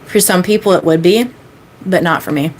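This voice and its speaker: A woman's voice: on the low side, moderate pace. A woman in her thirties, a manifestation coach chatting casually on a live-stream Q&A, rambling with lots of fillers and repeating key phrases for emphasis.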